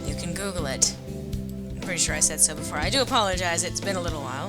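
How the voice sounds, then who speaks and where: A woman reading a dating-sim game aloud as a let's player, adding wry, deadpan asides. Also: fairly low pitch, fast talker. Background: game music.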